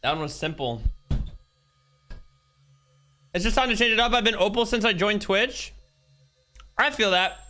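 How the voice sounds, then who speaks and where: A man's voice: high-pitched, animated, fairly quick, sharp tone. Jokey young man streaming a game. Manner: jokey, chats with viewers while playing. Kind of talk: casual gameplay commentary. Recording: game music playing behind.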